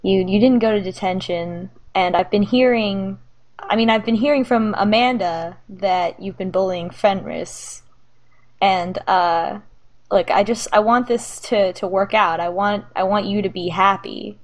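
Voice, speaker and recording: A woman voicing an awkward, worried middle-aged father in a tabletop game, halting and stumbling over his words. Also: medium pitch, close to an everyday voice. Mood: earnest worried.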